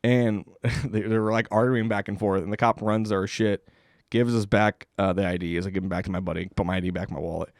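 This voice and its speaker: A young man spins a rambling story on a comedy podcast, swearing freely and breaking into laughs. His voice sits low, and it is recorded close on the mic in a dry, dead room. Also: steady tone, brisk, no room sound. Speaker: podcast host. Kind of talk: casual storytelling.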